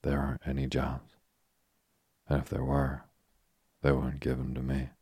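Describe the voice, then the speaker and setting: A man's voice: very deep voice, monotone, measured pace, mellow, husky, no echo, clean studio sound, full character voice. A man reading as a glum, rueful young ex-soldier. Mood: gloomy. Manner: glum and self-deprecating.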